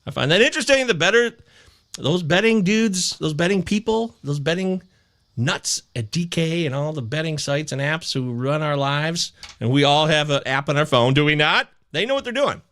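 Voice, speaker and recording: Guy hosting a live fantasy football stream, bouncy pitch, bright sharp voice, rambles n swears. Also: normal speed. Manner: animated, rambling, swears when upset. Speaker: host.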